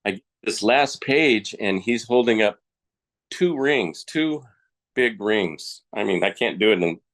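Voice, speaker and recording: A man with a very low, deep voice speaks as a podcast guest, recounting his story in plain, colloquial words. His delivery is frank and unpolished, the way someone talks across a table. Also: animated, takes it slowly, a bit bright. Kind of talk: personal storytelling in conversation.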